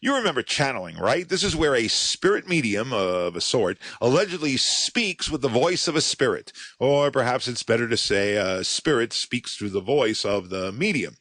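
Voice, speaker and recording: A male podcast host narrating a scripted story with a dry, sardonic wit. His pitch rises and falls in lively swoops. The recording is close and dead, with no room sound at all. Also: no room sound.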